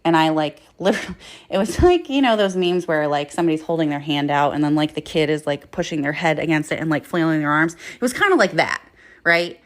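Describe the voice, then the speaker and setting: A woman's voice: deep voice, brisk. A woman hosting a podcast, telling her own story in a raw, blunt way with heavy swearing and lots of fillers. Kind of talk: candid personal storytelling.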